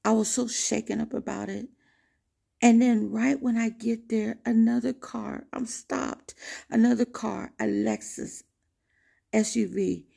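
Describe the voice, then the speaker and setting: A woman vlogger telling a personal story to camera in an emphatic, animated way. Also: fairly high pitch, unhurried. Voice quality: gravelly.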